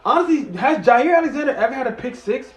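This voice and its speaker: Excitable fan calling a game live. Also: male voice, extremely high pitch, fast talker, echoey room, highs cut off. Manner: excitable, swings from muttering to shouting, cusses; talks while eating. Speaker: live game reaction host. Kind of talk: live sports play-by-play and reaction.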